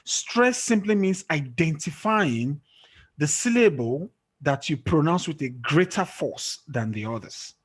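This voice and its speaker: Man, teacher, patient, quizzes students, slightly high voice. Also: lively intonation, unhurried, husky. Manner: patient, checks understanding with frequent "okay?" and quiz questions. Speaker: English teacher. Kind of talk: online classroom lesson. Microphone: screen-sharing call or recording.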